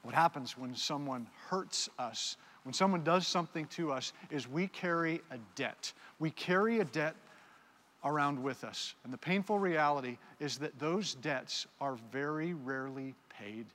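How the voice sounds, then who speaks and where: A man's voice: a little high, a little slow, fairly bright tone. A man preaching a sermon, animatedly directing volunteers on stage. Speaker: pastor. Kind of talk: sermon with audience participation skit. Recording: long hall reverb.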